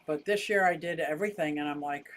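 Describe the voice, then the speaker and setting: A woman's voice: deep voice, fast talker, a little hiss or hum. Chatty older woman on a livestream. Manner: chatty, wry, laughs easily, rants about costs. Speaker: livestream host. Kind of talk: casual livestream chat reading viewer comments.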